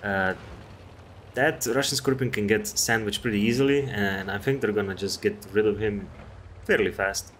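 Rambling, low-voiced male game commentator. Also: moderate pace, a bit bright, a little hiss or hum. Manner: rambling, chatty, swears freely. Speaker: gameplay commentator. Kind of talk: casual game commentary over replays.

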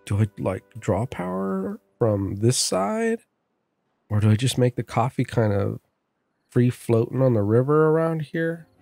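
A man's voice: mid-range voice, sing-song, a little slow, gravelly, warm tone, no room sound, soft background music. Chatty man narrating his gameplay. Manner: chatty, talks to himself and his in-game workers. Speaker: gameplay streamer. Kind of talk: casual gameplay commentary. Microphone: dynamic mic on boom arm.

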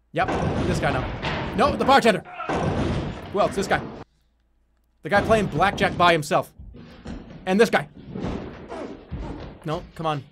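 A man streams a game, chatting casually about the gameplay while laughing and swearing often. His voice is high, and the recording is very noisy, with loud game music behind him.

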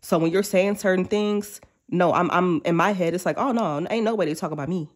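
With a lowish voice and a fairly quick pace, this woman rarely pauses. She's a tarot reader doing a casual reading for her viewers, chatty, animated and slangy. She keeps cutting herself off to act out quoted thoughts.

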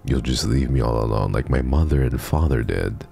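A man reading out the lines of a frightened little girl from a horror game in a soft, gravelly voice. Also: a bass voice, normal speed, faint music behind, heavily acted. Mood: pleading.

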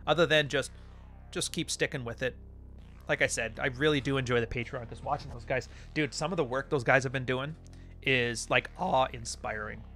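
A man's voice: medium pitch, moderate pace, sharp tone, soft background music. A man hosting a podcast, telling stories in a blunt, profane, casual monologue. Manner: blunt and profane, storytelling with acted-out quotes. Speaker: podcast host.

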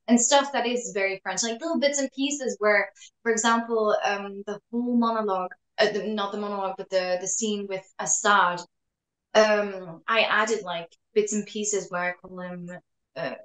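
An actress being interviewed in casual chat, telling lively stories, slipping in French words and laughing often. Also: female voice, medium pitch, normal speed. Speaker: actress guest. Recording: roomy echo.

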